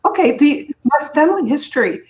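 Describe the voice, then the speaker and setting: A woman's voice: high voice, expressive, a little fast, darkish tone. A woman from Massachusetts, an author and speaker, guesting on an interview and telling stories conversationally. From Massachusetts, USA. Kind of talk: conversational storytelling.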